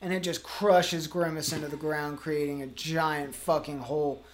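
A man's voice: a little high, flat delivery, moderate pace, a little hiss or hum. Man rambling a profane absurd tale. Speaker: podcast co-host. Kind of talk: improvised comedic storytelling.

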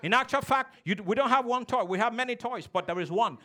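A man's voice: very high-pitched, fast talker, few pauses, pushed and bright. A male pastor preaching a sermon to a congregation, calling for responses and acting out childish quarrels. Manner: preaching with call-and-response, mimicking childish voices. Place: church.

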